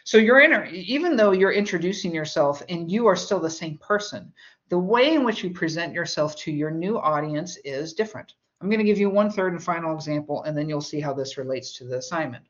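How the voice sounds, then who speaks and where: A woman's voice: fairly low pitch, expressive, brisk, muffled recording. A woman teaching a college English course in a recorded lecture, explaining with everyday examples and chatty asides.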